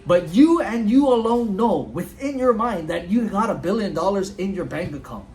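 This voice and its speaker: High-voiced man giving casual motivation. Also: expressive, moderate pace, darkish tone, soft background music, low-quality recording. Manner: earnest, says "dude" and "like" often. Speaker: motivational vlogger. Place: outdoors at his home.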